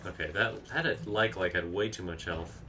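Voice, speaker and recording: A man's voice: deep voice, moderate pace, over music. A man streaming a video game, chatting casually, reacting aloud to the action and reading out viewer comments. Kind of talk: live gameplay commentary.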